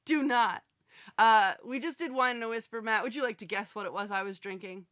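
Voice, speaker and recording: A young woman hosting a live online chat show, talking casually and animatedly, quick to laugh. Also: on the high side, fairly bright tone, smooth, no room sound, clean studio sound. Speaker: host.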